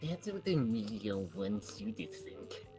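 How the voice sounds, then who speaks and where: A man's voice: fairly low pitch, wildly swooping pitch, slow pace, over music, heavily acted. A man voicing a scheming, snake-haired gorgon woman with a sly, plotting delivery. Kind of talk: video game voice-over reading.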